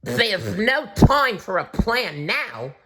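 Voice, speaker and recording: A man's voice: sits high, big pitch swings, takes it slowly, pushed and bright, slightly rough, pitched above the performer's own voice, full character voice. A man voicing a hasty, breathless male animal in a children's story. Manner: breathless, urgent.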